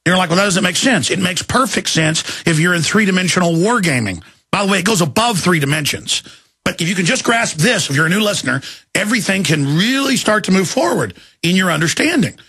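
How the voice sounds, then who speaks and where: A man in his thirties hosting a radio show, delivering an angry, shouting monologue in rapid tirades. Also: sits high, animated. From Texas. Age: 30s. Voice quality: gravelly, raspy. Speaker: radio host. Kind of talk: ranting talk radio monologue.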